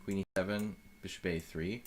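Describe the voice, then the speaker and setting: This is a man with a low, deep voice streaming live chess commentary. He muses out loud in a loose, rambling way, trailing off and restarting his sentences. A faint hiss of noise sits under his voice. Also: steady tone, normal speed. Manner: thinks aloud, rambling with fillers.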